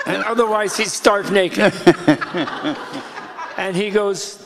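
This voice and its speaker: A man telling a teaching story in casual conversation, lively and amused, laughing between lines. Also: high-pitched, extremely slow, vocal fry, pauses often. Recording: long hall reverb.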